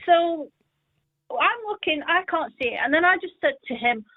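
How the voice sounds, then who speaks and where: A woman calling in to a radio show, telling a childhood story in an animated way and acting out the voices. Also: high-pitched, normal speed, no room sound. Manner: animated, acts out the quoted voices. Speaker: caller. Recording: dry tinny phone line.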